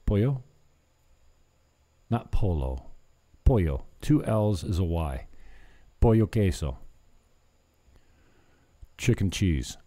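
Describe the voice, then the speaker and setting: A man's voice: low voice, lively intonation, slow pace, pauses often, dark tone. A man chatting casually in a vlog, rambling and joking at himself, slipping in broken Spanish. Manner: rambling, self-mocking, drops in broken Spanish. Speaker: vlogger.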